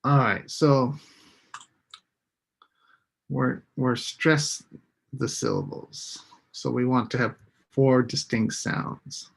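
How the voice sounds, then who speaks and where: A man teaching an English lesson on a live stream, slowly repeating each word for his students. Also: mid-range voice, sing-song, creaky. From United States. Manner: slow, deliberate, repeats words for students.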